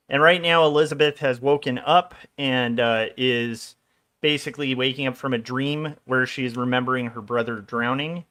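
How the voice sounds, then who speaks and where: A man's voice: medium pitch, steady tone, normal speed, pushed and bright. A man in his forties, an illustrator chatting casually on a livestream while he draws, loose and rambling with small jokes. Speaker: illustrator streaming his drawing work.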